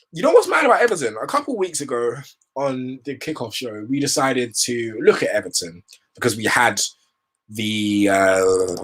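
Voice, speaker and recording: A man's voice: medium pitch, slightly rough. A young man hosting a football show, giving rambling, opinionated commentary in casual slang.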